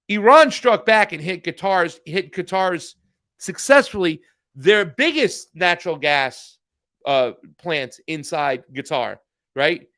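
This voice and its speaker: A political news podcast co-host talks heatedly in casual chat, swearing and repeatedly restarting his sentences. His high voice is animated and sharp, though his pace is slow.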